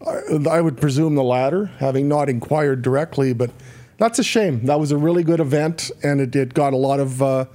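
A man giving football analysis on a sports radio show in a measured way, often restarting phrases. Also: medium pitch, dark tone.

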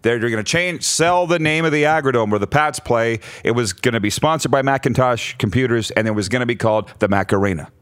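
A man's voice: mid-range voice, quick pace, hardly any pauses, fairly bright tone, clean tone, no room sound, clean studio sound. A man hosting a casual radio show, laughing often as he jokes and reads out listener messages. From Saskatchewan, Canada. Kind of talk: casual sports radio banter. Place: radio studio.

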